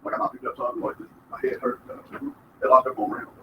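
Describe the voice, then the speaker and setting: A man's voice: fast talker, fairly bright tone, poor audio. A man chatting loosely and jokingly off-mic, away from the streamer's microphone, with background noise.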